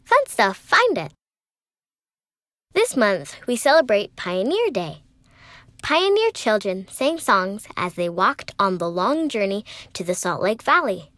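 A woman slowly reading a children's hidden-objects puzzle aloud. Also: medium pitch, very animated, a bit bright, no echo. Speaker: reader of a children's puzzle page. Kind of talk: slow read-aloud list.

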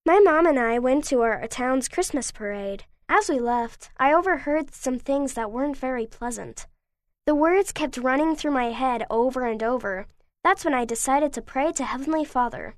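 A woman gently and sincerely reading a short first-person account aloud. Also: high voice, normal speed, no echo, studio quality. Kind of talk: scripted reading.

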